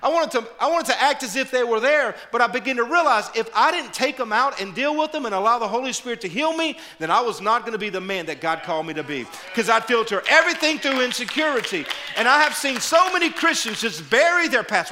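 Middle-aged male pastor, high bright voice, animated sermon delivery that drops into hushed prayer, frequent stumbles and repeats. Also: fairly quick, hardly any pauses. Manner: animated storytelling, repeats words, shifts to quiet prayerful tone.

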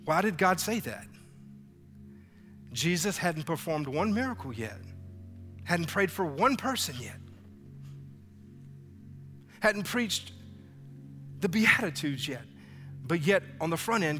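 Male pastor, high bright voice, animated sermon, echoing church hall with faint music. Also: takes it slowly, long pauses. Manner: animated preaching, acts out biblical dialogue. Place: church sanctuary.

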